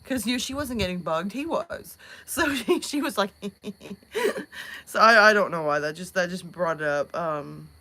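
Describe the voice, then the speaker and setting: A woman's voice: mid-range voice, expressive, measured pace, bright, forceful tone. A woman from the American South with a Southern accent, chatting casually on a live stream, rambling and laughing with plenty of fillers. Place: outdoors at night.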